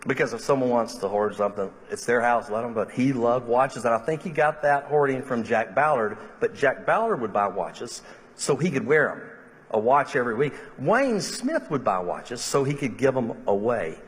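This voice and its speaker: A middle-aged man, a minister giving a funeral eulogy and telling humorous stories, slipping into lively quoted voices. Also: medium pitch, moderate pace. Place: church sanctuary. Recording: long reverb of a large church hall.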